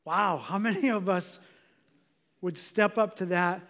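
A pastor preaches a sermon in a conversational way, often using "like" as filler while he explains things. His voice sits high and a bit bright, and he speaks a little slowly.

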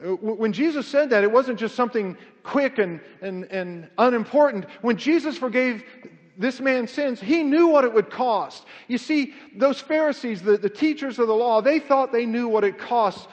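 A man with a high voice preaches in a conversational way, firing off rhetorical questions and often restarting his sentences. The sound is dull and muffled, and a long reverb trails behind him in a church sanctuary. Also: normal speed. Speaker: pastor. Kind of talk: sermon.

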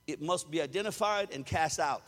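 A man preaching a sermon as pastor, animated and preachy, rising into loud shouts. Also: a little high, normal speed, big-room sound.

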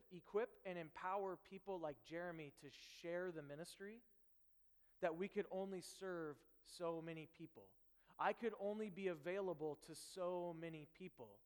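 Man, pastor, lively storytelling sermon, high voice, echoing hall reverb. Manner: animated storytelling, acts out dialogue. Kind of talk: conversational sermon.

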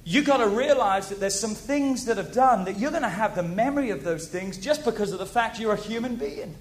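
A man preaching a sermon to a congregation, animated, repeating key phrases and asking the audience questions. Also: high-pitched, brisk.

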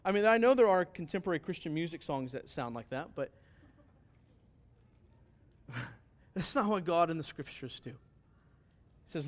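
A male pastor delivers a sermon in a notably high voice for a man. He is earnest and emphatic, leaning on rhetorical questions that he answers himself. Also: expressive, normal speed, long pauses.

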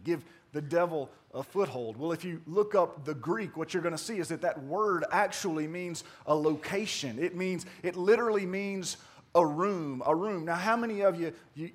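A man giving a conversational sermon, swinging from loud emphatic bursts to hushed asides and often saying "man". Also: fairly high pitch. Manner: conversational preaching with repeated "man". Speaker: pastor.

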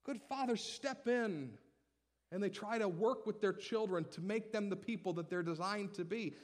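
A male pastor delivering a sermon in an animated, humorous, conversational way. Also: sits high, moderate pace.

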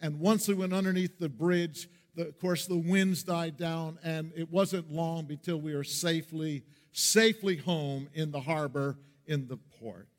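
A man from Pennsylvania, a pastor, preaching a sermon and telling a story in an earnest way, slowing down for the dramatic parts. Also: on the high side, fairly even intonation. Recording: long reverb of a large hall.

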